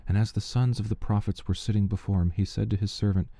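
Male reader for scripture passages, low and very dark in tone, measured and steady, dry close sound. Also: creaky, no echo. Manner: measured, steady reading pace. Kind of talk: scripture reading.

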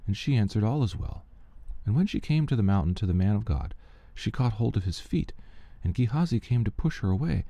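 A man giving a steady, measured reading of Bible passages aloud, with the odd slip he corrects. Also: fairly low pitch, no room sound. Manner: steady, measured reading with small slips and restarts. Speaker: scripture reader.

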